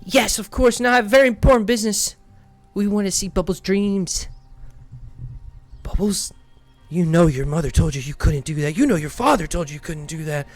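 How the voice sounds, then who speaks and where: A man voicing Henry, an eager, excitable young boy in a tabletop game, talking in a high, insistent way. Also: normal speed, soft background music, close to an everyday voice.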